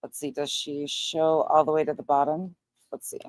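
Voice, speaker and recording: A woman's voice: sits low, level tone, normal speed, a little mellow, no echo, studio quality. A woman co-hosting a livestream, commenting bluntly and swearing heavily as she reacts to what she finds. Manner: blunt, profane, angry outbursts. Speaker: livestream co-host. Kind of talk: live-stream commentary.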